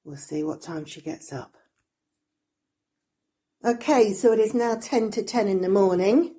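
Woman vlogger, middle-aged, slow husky delivery, sing-song baby talk to her pet. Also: mid-range voice. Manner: coos in excited baby talk to her dog. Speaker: dog owner filming her pet. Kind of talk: casual vlog narration.

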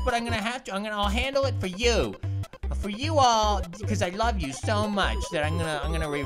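A woman voicing an excitable cartoon grape who hosts a gaming channel, talking to herself in a jumpy, silly way and repeating phrases. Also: on the high side. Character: excitable cartoon grape playing video games. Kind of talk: cartoon let's-play commentary.

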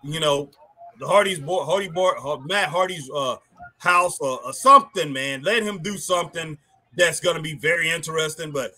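A man's voice: on the high side, moderate pace, bright, forceful tone, breathy edge. A man co-hosting a casual wrestling live stream who reads viewer comments aloud and keeps tagging his sentences with "boy" and "man".

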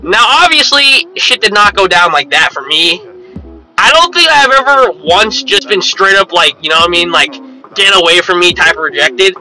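Young man ranting, high bright voice. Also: sing-song, moderate pace, faint music behind, rough recording. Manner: rambling, profane, repeats "you know what I mean". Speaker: vlogger. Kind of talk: casual rant to camera.

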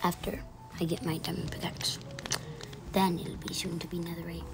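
A woman's voice: fairly low pitch, flat delivery, moderate pace. A woman streamer chatting casually to herself as she plays, sometimes singing and muttering under her breath. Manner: chatty, sings and mutters to herself while playing. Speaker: gameplay streamer. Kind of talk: casual let's-play commentary. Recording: background music under the voice.

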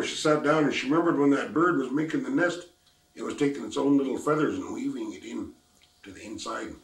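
An elderly man from the Lummi Nation telling a traditional story in simple, repetitive, unhurried phrasing. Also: medium pitch, creaky. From Lummi Nation, Washington, US. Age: older. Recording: echoey room, distant mic.

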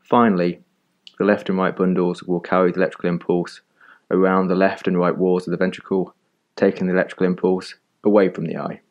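A man narrating an animated medical lesson in a calm, measured, scripted voice-over, recorded close on a studio mic. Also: deep voice. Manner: calm, measured explanatory delivery.

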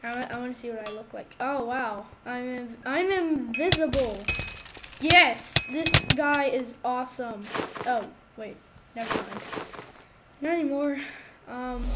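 Woman, high voice, unhurried delivery, excitable gamer commentary, noisy home mic with hiss. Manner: excitable, protests loudly when losing. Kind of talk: casual gameplay commentary. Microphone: new desktop microphone.

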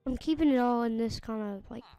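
A woman giving casual gameplay commentary, chatting as she plays and yelling at the in-game animals and villagers. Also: a little high, brisk, no echo, faint music behind. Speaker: gamer.

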